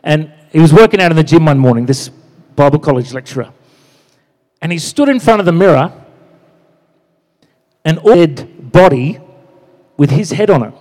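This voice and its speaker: A man preaching in a church, his voice a touch high and ringing out with a long hall reverb. He keeps it chatty, peppering his sermon with "you know" and calls of "amen?". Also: animated, moderate pace, long pauses, darkish tone. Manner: conversational, frequent "you know" and "amen?" asides. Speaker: pastor.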